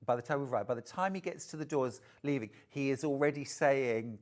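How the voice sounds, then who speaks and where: A man's voice: medium pitch, a little fast, darkish tone. A man hosting a live TV shopping sale, chatty and gushing, reading out viewers' messages and calling them darling. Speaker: shopping channel host. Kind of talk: live TV shopping sales pitch.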